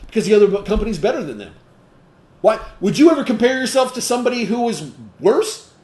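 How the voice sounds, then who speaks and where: A man running a training session for distributors, his voice a bit higher than most men's. He talks emphatically, fires rhetorical questions at the room and keeps checking in with "okay?". The sound is echoey, as in a roomy space. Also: very animated, quick pace, dark tone. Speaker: sales trainer.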